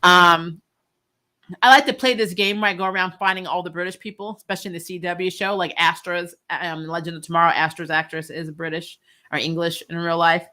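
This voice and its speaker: Bright-voiced woman hosting a live stream. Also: fairly low pitch, fairly even intonation. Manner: chatty, laughs often, quick asides. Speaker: YouTube host discussing a TV series. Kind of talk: casual live-stream chat, reading viewer comments.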